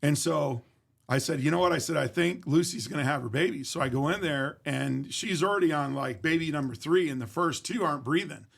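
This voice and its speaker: A man's voice: fairly high pitch, fairly quick, vocal fry, fairly bright tone. A man telling a story in casual conversation, blunt and profane, acting out every exchange. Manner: blunt, profane, emphatic retelling. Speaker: guest.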